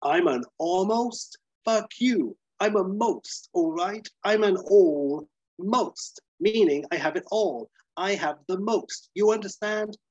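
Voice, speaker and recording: A man's voice: high-pitched, animated, measured pace, few pauses, darkish tone, husky, no room sound, dull audio, voice pushed up, exaggerated voice. Man putting on a blustering, boastful rich agent. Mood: indignant. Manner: blustering, stammering, raises his voice. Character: boastful, defensive wealthy male sports agent.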